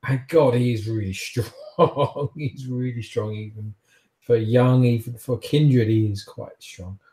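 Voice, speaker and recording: A man narrating a tabletop game as game master, in a rambling, halting way with frequent restarts. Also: mid-range voice, warm tone, reverberant.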